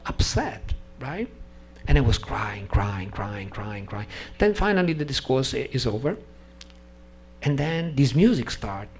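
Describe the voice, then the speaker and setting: A man whose native language isn't English shares a personal testimony with a gathering, his mid-range voice carrying a breathy edge. He tells the story animatedly, acting out the voices of the people involved.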